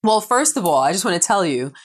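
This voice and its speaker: A woman's voice: lowish voice, sing-song, fast talker. A woman co-hosting a casual couple's podcast, playful and teasing, often breaking into laughter. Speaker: podcast co-host.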